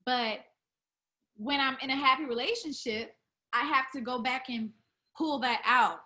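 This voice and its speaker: A woman's voice: high-pitched, a little slow, pushed and bright. A young woman who sings R&B, chatting casually in an interview, full of fillers and restarts. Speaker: R&B singer, interview guest.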